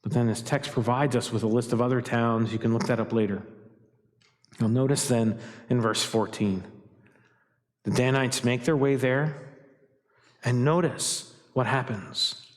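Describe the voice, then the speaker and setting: A man's voice: mid-range voice, steady tone, measured pace, pauses often, long reverb tail. A man preaching a sermon as pastor, emphatic and fond of asking his congregation rhetorical questions, recorded in a church. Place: church sanctuary.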